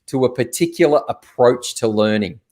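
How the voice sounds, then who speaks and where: A man with a voice of ordinary pitch hosts an interview, building up a question for his guest. He speaks in a measured way and pauses to find his words. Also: a little mellow. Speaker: podcast host. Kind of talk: conversational interview.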